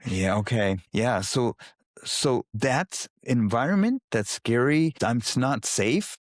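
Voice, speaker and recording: A man, a guest on an interview podcast, explaining his work with lively storytelling and acting out what people say. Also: medium pitch, slow pace, no room sound, clean studio sound. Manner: animated storytelling, acting out quoted voices.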